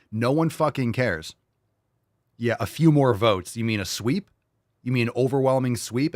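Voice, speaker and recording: A man's voice: medium pitch, dry recording, studio quality. Profane, ranting male commentary host. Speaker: podcast host. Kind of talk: heated political commentary.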